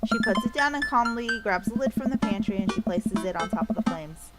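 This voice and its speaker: A woman streaming a dating game, reading its first-person narration aloud in a playful, expressive way. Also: on the high side, brisk, loud music behind the voice. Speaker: let's play streamer.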